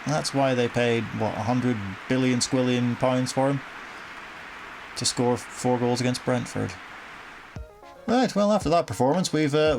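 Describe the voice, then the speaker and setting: Wry, exasperated man with a gravelly voice. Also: on the high side, poor audio. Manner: wry, exasperated, swears casually. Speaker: gaming commentator. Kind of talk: casual football game commentary.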